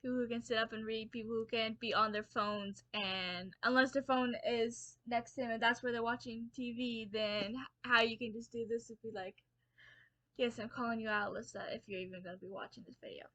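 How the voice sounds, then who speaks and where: A woman's voice: a little high, fairly even intonation, fairly quick, sharp tone, no echo, lo-fi sound. A young woman vlogging about her reading early in the morning, tired and rambling with many fillers and restarts. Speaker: book vlogger. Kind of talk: casual chat to camera.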